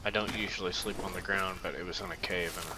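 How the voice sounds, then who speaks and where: Deep halting man explaining a game. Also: fairly even intonation. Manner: halting, many fillers. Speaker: game tutorial host. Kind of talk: casual gameplay tutorial commentary. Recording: game ambience noise behind. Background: jungle game ambience.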